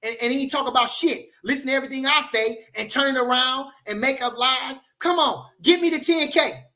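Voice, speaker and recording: Loud, profane boxing livestream host. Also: male voice, very high voice, brisk. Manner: profane, boisterous trash talk full of "you know" fillers. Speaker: boxing channel host reading live chat. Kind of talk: livestream rant.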